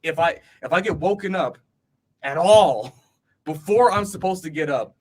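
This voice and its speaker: A man's voice: a little high, animated, normal speed, a little mellow. A man co-hosting a casual podcast chat, rambling with lots of fillers and laughing easily. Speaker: podcast co-host.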